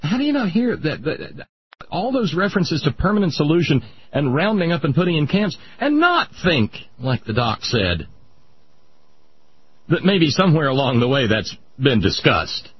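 Man, radio talk host, sarcastic, incredulous, wildly swinging pitch, muffled radio sound. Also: very animated, normal speed, slightly rough.

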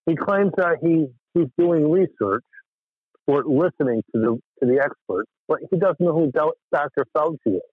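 A man calling in from Western Massachusetts, rambling and exasperated as he tells his story. His slightly high voice comes through a tinny phone line that sounds dry and close. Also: lively intonation, moderate pace, husky, dry recording. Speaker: caller. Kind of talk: casual call-in chat.

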